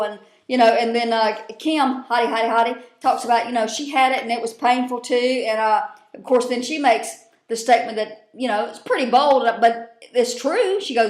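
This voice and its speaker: Recapping a TV show in a laid-back vlog, this woman talks briskly in a fairly high voice. Her take is blunt, sprinkled with profanity and rambling filler words, recorded in an echoey room.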